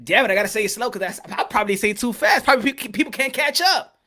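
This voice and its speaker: A man's voice: sits high, animated, fast talker, sharp tone. A man hosting a boxing commentary channel, ranting his opinion and repeating his points, dragging words out for emphasis. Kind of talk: opinion rant to camera.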